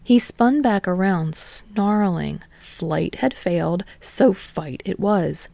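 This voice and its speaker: A woman reading a fan story aloud as narrator, steady and expressive. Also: lowish voice, slow, creaky, dry recording. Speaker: podfic reader.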